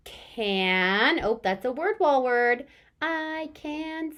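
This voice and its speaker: A young woman teaches young children in a recorded remote lesson. She speaks slowly in a fairly high voice, stretching words out sound by sound. Her gasps and delight are big and animated.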